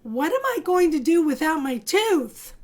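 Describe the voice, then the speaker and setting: A woman voicing an excitable, anxious young girl elephant in a children's story, squealing high and breathless. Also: unhurried, heavily acted. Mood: excited.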